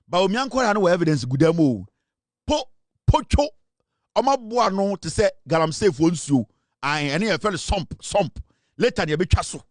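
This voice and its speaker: A man's voice: fairly high pitch, no room sound, clean studio sound. A man with a Ghanaian accent giving emphatic, dramatic political commentary, switching between Twi and English.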